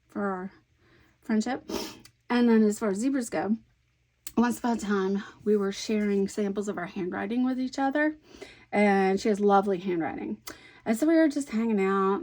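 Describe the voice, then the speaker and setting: A woman in her fifties chatting casually about her craft projects, rambling and animated and laughing easily as she tells a story. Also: fairly high pitch. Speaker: scrapbooking vlogger.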